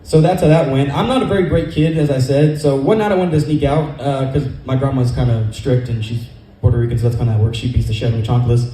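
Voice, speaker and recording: A man's voice: medium pitch, warm tone, echoey room, a little hiss or hum, poor audio. A man from California doing a rambling, profane stand-up set at a comedy club open mic, speaking into a stage microphone. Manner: rapid, profane, rambling storytelling.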